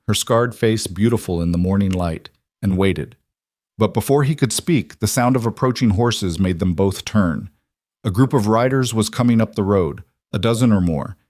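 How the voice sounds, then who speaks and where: Guy narrating a cowboy story, steady and dramatic, lowish voice, dry. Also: dry recording.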